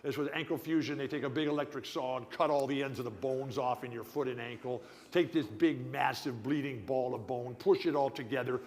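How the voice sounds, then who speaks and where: An older man giving an animated after-dinner speech as guest speaker, telling stories and often restarting or repeating words. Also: mid-range voice, fairly quick, few pauses, a little hiss or hum. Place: banquet hall. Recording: reverberant hall.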